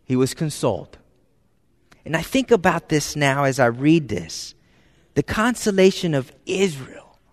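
A man preaching a sermon as pastor, talking conversationally and dropping into soft, hushed tones for emphasis. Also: fairly high pitch. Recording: long hall reverb.

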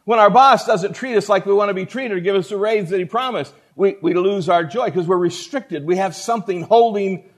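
A man's voice: sits high, a little fast, few pauses. A male pastor preaching a sermon in a folksy, emphatic storytelling manner.

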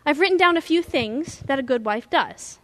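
Bossy new husband read out in a story by a woman preacher, high voice, plain quoting. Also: expressive, normal speed, a bit bright, big-room sound. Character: demanding young husband, bossy then praising.

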